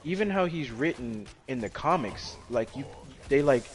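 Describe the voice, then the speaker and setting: A man's voice: medium pitch, expressive, normal speed, a loud crowd. A young man chatting casually while gaming, arguing his opinions with casual slang.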